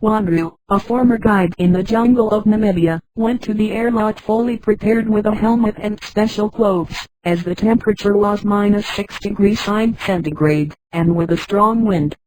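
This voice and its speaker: Flat synthetic woman narrating a story. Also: mid-range voice, normal speed, hardly any pauses, dry recording, rough recording. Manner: flat synthetic reading, reads punctuation aloud.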